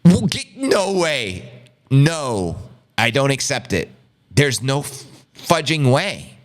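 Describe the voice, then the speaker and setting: A man's voice: mid-range voice, big pitch swings, slow pace. A man hosting a crypto news show, giving exasperated, incredulous live reaction commentary in a rambling way.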